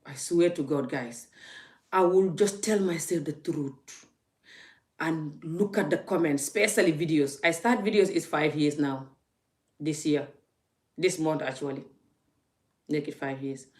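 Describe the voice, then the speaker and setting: A woman's voice: low voice, unhurried, long pauses, darkish tone. A woman vlogging into her phone, emphatic and laughing, often repeating her words. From Gambia. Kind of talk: casual ranting vlog.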